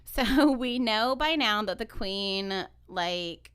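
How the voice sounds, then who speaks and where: A woman co-hosting a podcast, retelling a fairy tale in a casual, animated way. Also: medium pitch, smooth. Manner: animated, quick to agree and laugh. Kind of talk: casual storytelling chat.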